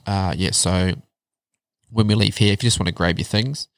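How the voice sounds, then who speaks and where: Candid, lowish New man, dry sound. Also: fairly even intonation, normal speed, vocal fry, no echo. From New Zealand. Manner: candid storytelling, swears freely, drops to a low murmur on hard parts. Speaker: guest. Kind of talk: casual chat.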